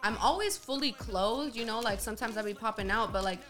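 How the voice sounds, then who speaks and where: A woman rapper talks on a podcast in a bright, crisp voice. She moves quickly and keeps adding "you know" as she rambles. The tone stays casual throughout. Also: a little high. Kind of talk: casual chat.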